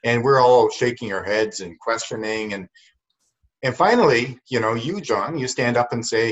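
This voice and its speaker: A man's voice: mid-range voice, moderate pace. A man co-hosting a podcast, telling a story in an earnest, reflective way. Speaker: podcast co-host. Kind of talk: casual conversation, storytelling. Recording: dull lo-fi sound.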